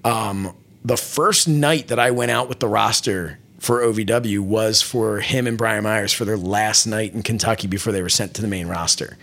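Casual male interview guest, gravelly and bright, rambling storyteller with many restarts. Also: on the low side, normal speed. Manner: rambling, many restarts and fillers, animated retelling. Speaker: wrestling interviewer and programming director.

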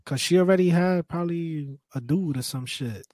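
Young man, higher-pitched voice, blunt profane banter, dry close mic. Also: moderate pace, darkish tone, no room sound. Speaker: podcast co-host. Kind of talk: casual chat.

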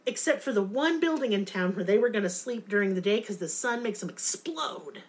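A woman's voice: medium pitch, lively intonation, brisk, rough recording. Profane ranting young woman. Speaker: podcast co-host. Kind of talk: casual chat.

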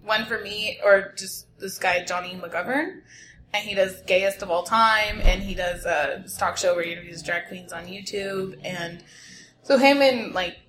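A giggly, animated woman from Kansas chats on a podcast, often laughing and slipping into borrowed accents. Her voice sits in a middle range and carries a roomy echo. A faint room ambience hums behind her. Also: mid-range voice, measured pace, slight background noise. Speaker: podcast co-host. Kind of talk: casual chat.

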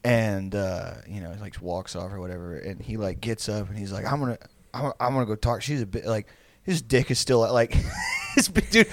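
Animated, laughing young man telling a story. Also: fairly low pitch, normal speed. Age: 20s. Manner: rambling, profane, laughs through the story. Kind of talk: casual storytelling.

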